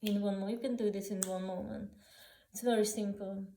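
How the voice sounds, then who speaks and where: Soft-toned woman telling memories haltingly. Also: mid-range voice, fairly even intonation, roomy sound, a little hiss or hum, low-quality recording. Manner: halting, many restarts and fillers, non-native grammar. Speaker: author sharing personal memories. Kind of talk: unscripted personal storytelling.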